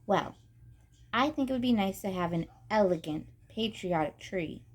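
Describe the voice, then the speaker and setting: Gentle storybook mom, warm and reassuring, voiced by a woman reader. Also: mid-range voice, animated, normal speed, lightly acted. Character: kind, gentle mother.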